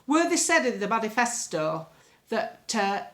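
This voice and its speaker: An older English woman from England vlogging from home into a phone camera, chatting bluntly and meandering through opinions. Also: a little slow. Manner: blunt, opinionated, meandering, lively swings in pitch. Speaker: political vlogger. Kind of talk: casual rambling monologue to camera. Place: home, indoors.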